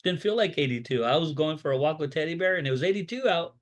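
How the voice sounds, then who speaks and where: A rabbi teaching a Bible study in a loose, conversational way, full of fillers and restarts, voicing strong opinions and telling stories. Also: male voice, fairly high pitch, fast. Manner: rambling, off-the-cuff, with many fillers and restarts; opinionated, tells stories with lively acted-out dialogue. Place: Florida.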